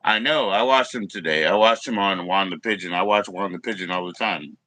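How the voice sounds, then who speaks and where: A man's voice: low voice, a little fast, bright, forceful tone, no room sound. A man chatting loosely on his live stream, rambling and swearing as he talks to his viewers and fights technical trouble. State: coughing at times. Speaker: livestreamer. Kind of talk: casual live stream chat.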